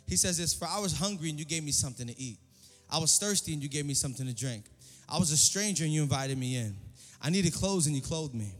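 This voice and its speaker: In a church service, a male pastor preaches an energetic, repetitive sermon, calling for responses from the congregation. His voice is fairly high and he talks fast. The recording has long hall reverb and faint music.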